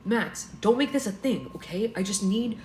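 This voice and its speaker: A woman's voice: mid-range voice, lively intonation, moderate pace, darkish tone, voice pushed up, lightly acted. A woman reading aloud as an exasperated young man who insists he needs a Christmas tree, in her own voice. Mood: insistent. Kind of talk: reading a romance novel aloud. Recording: echoey room, faint background noise.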